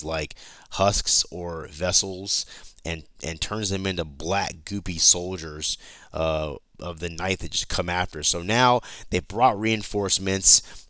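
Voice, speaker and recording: Low-voiced man recapping comics casually. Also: bright, forceful tone, no echo. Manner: loose and chatty, swears, restarts sentences. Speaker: comic book YouTuber.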